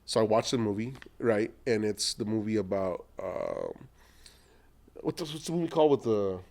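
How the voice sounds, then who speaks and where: A middle-aged man, an entrepreneur, telling long animated anecdotes in a podcast interview and acting out what other people said. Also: on the low side, normal speed, vocal fry. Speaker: entrepreneur guest.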